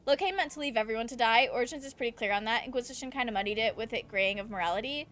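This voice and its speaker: A woman's voice: a little high, rapid-fire, few pauses, fairly bright tone. A young woman streaming a video game, chatting casually and reading chat aloud, laughing often and ranting with swearing. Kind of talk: casual gameplay commentary.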